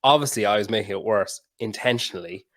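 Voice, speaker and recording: A man hosting a podcast, telling a story with animated quoted dialogue and plenty of swearing. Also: fairly low pitch, quick pace. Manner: animated anecdote-telling, swears freely, mimics people in quotes. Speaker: podcast host. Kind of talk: casual podcast conversation, storytelling.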